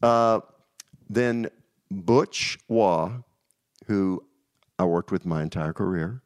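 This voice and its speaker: An older man from Texas, a guest telling rambling, animated stories in a casual interview. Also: sits low, slow pace. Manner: rambling, restarts, animated storyteller.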